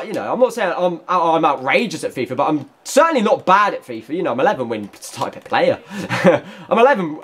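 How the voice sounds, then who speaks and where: A young man talks over his own match in an excitable rush, mocking his opponents and breaking into shouts and laughs. His voice sits high and swoops widely from low mutters to sharp yelps. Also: breathy edge. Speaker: gaming YouTuber. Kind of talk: live gameplay commentary.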